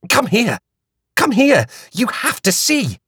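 A man voicing an excitable, flustered young society lady in an audiobook. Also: high voice, slow, breathy edge, dry recording, studio quality, voice pushed up, heavily acted. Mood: excited.

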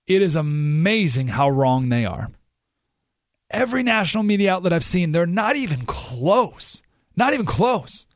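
A man's voice: high voice, dry recording. Emphatic male talk radio host, dry studio sound. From San Diego area. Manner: emphatic, slows right down to stress points, animated outbursts. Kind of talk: conversational talk radio monologue. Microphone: studio microphone.

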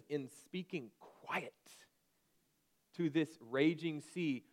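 A pastor in his thirties preaches a conversational sermon, now and then breaking into sharp, shouted commands. His pitch is fairly high.

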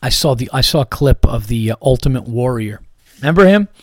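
A man's voice: medium pitch, lively intonation, fairly quick, no echo. Rambling, profane male podcast host. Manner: rambling, profane, many restarts. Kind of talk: casual comedic monologue.

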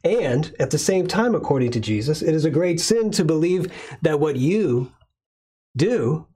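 A male pastor delivering a sermon in a measured way, slowing down to stress key words. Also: fairly high pitch, very animated, mellow, breathy edge.

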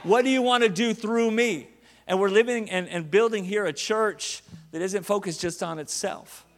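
A man preaching as a guest speaker to a church, energetic and joking, with rising exclamations. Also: high voice, moderate pace. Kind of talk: sermon. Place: large church auditorium. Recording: long hall reverb with faint music.

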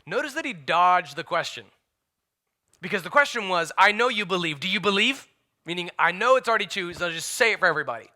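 Speaking fast and expressively in a high voice, a male pastor delivers an emphatic sermon. His delivery alternates between booming declarations and quiet asides.

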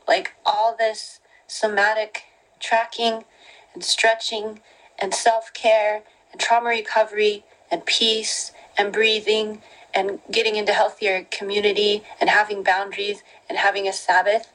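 A woman's voice: mid-range voice, level tone, a little slow, fairly bright tone, rough recording. A woman hosting a podcast, talking about faith in a casual devotional way, earnest and full of fillers like "like" and "you know". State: getting emotional near the end. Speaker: podcast host.

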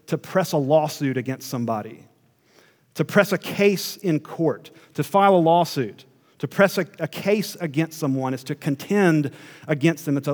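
A pastor preaching a sermon, his fairly high voice dropping to hushed asides and then climbing into emphatic runs. The sound carries the long reverb of a large hall.

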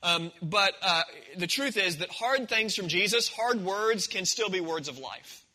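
Bright, high-voiced male preacher. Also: animated, a little slow, rough recording. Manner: conversational storytelling, acting out the scenes. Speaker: pastor. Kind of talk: sermon.

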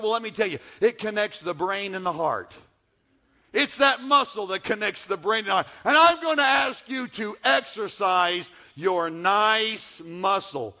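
A man preaching a sermon as pastor, moving from hushed lines to loud emphatic ones and slowing down to repeat key phrases. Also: high-pitched.

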